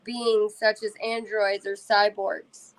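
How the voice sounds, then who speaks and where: A woman's voice: medium pitch, little pitch movement, slow, low-quality recording. A woman co-hosting a podcast, reading out definitions in a matter-of-fact way. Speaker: podcast co-host. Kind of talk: reading list items aloud.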